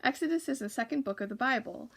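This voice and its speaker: A steady, practical boy , read by a woman in her own voice, working through clues deliberately. Her voice has a light gravel to it. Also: fairly high pitch, voice pushed up.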